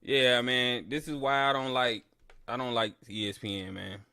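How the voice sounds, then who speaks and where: A man's voice: medium pitch, fairly even intonation, normal speed, bright, forceful tone, smooth, no echo, studio quality. A man hosting a live sports listen-along stream, chatting casually to his viewers, trash-talking rivals and ranting at the broadcaster. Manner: boastful trash talk, then ranting complaints; talks straight to his chat audience. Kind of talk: casual live fan commentary.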